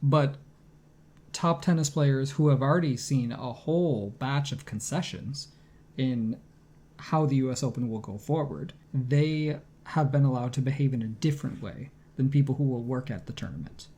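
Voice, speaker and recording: A man co-hosting a casual podcast chat, talking in an animated way and reading tweets aloud in his own voice. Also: mid-range voice, normal speed. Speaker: podcast co-host.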